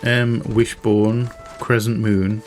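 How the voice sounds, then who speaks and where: A man casually commentating while he plays a mystery game, chatty and self-mocking as he thinks out loud. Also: fairly low pitch, little pitch movement, takes it slowly, over music. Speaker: game streamer. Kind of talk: casual let's-play commentary.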